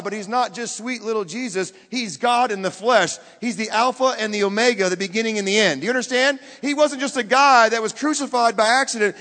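High-voiced emphatic male preacher. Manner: emphatic, swinging between loud and hushed. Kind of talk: sermon. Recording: long hall reverb.

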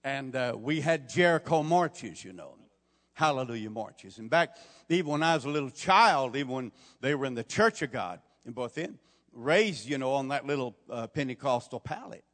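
A man's voice: medium pitch, lively intonation, moderate pace, a bit bright. An older man preaching a sermon as pastor, folksy storytelling that swells into emphatic preaching. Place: church sanctuary. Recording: long hall reverb.

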